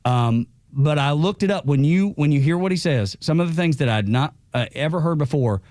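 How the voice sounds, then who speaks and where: A man co-hosting a morning radio show, talking in an animated, opinionated way. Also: on the high side, a little fast, no echo, studio quality. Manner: animated, opinionated, repeats himself. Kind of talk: casual radio banter. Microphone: studio mic.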